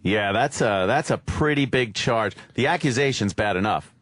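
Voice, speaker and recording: A man's voice: fairly low pitch, lively intonation, fairly bright tone, dry recording. Wisecracking male radio co-host. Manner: wisecracking, quick quips. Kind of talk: casual radio banter. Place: radio studio. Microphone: studio mic.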